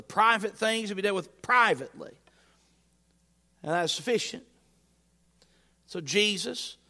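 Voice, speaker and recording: Male pastor, high voice, folksy conversational sermon, long church reverb. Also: sharp tone. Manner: folksy, conversational preaching with rising emphasis. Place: church sanctuary.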